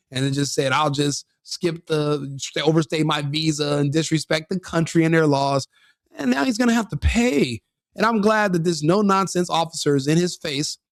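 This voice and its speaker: A man's voice: on the high side, no echo, clean studio sound. A man commenting on a video in a brash, mocking, combative way, laughing at his own jokes. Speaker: online commentator reacting to a video. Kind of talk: profane reaction commentary.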